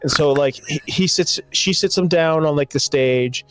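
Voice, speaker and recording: A man co-hosting a casual podcast, retelling a movie in an animated, rambling way. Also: fairly high pitch, moderate pace, clear, resonant tone, no echo. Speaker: podcast co-host. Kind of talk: casual movie review chat.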